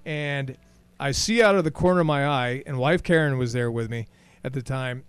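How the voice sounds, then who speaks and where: A man co-hosting a casual chat, telling stories in an animated way and acting out his own starstruck reactions. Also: medium pitch, moderate pace, clear, resonant tone, no room sound. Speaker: radio show co-host.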